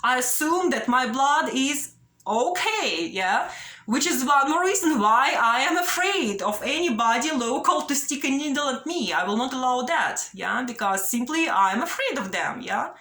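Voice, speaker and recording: A woman's voice: high-pitched, expressive, moderate pace, bright, forceful tone, roomy sound. A young woman vlogging straight to camera, pleading and anxious, ending many sentences with a questioning "yeah?". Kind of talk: direct-to-camera personal appeal.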